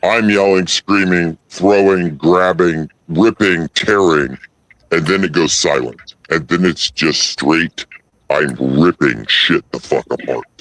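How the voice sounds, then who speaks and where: Deep voiced guy, blunt and sweary, halting, dry sound. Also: a bit bright, dry recording, low-quality recording. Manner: blunt, profane, halting storytelling. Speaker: host. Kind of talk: casual chat on a livestream.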